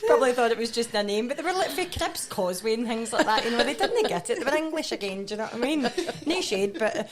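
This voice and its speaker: A woman's voice: fairly high pitch, lively intonation, quick pace, a crowd in the background. A woman, a guest actress, telling comic stories, chatty, swearing casually and acting out voices. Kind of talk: comedic anecdote telling.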